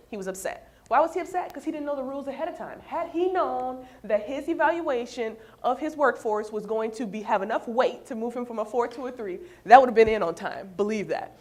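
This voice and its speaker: A woman giving a workplace training talk to a room of staff, lively and conversational, telling stories with quoted dialogue. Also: a little high, fairly quick, few pauses. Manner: animated, storytelling with acted quotes. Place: room with an audience.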